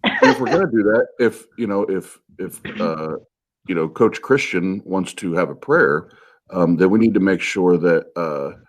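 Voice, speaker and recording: A middle-aged man with a very low, deep voice, chatting on a talk show. He speaks haltingly, with frequent restarts and fillers. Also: animated. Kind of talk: casual chat.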